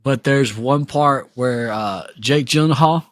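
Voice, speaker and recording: A man's voice: mid-range voice, takes it slowly. A man chatting on a podcast, swearing freely, laughing a lot and acting out scenes in loose retellings. His voice sits mid-range and sounds close and dry, with no room echo. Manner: profane, laughing, acts out movie scenes. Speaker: podcast co-host. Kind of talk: casual podcast chat.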